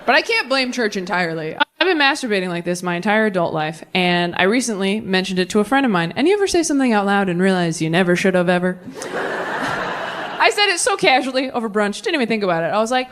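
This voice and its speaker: A woman in her thirties doing a stand-up comedy set on stage into a handheld mic, animated and jumping into mock voices for punchlines. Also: medium pitch, fast. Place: comedy stage with a live audience.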